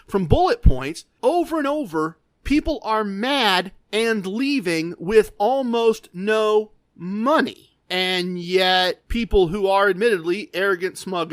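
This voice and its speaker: Male podcast host, casual storyteller, animated, self-deprecating, high voice, dry close sound. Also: dry recording.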